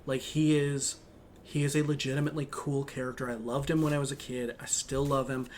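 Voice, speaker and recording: A man's voice: mid-range voice, flat delivery, fairly quick, darkish tone, a little hiss or hum. A man co-hosting a podcast in casual chat, rambling with many fillers and restarts. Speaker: podcast co-host.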